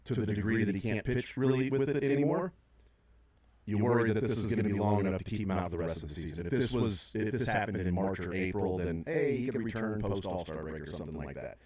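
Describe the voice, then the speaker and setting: A man's voice: fairly low pitch, fast talker, darkish tone. A middle-aged man hosting sports talk radio, rambling through his points with many fillers and restarts.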